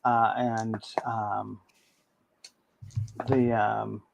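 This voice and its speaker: A man narrating a tabletop game as game master, halting and full of ums. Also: fairly low pitch, little pitch movement, gravelly, dull audio, a little hiss or hum.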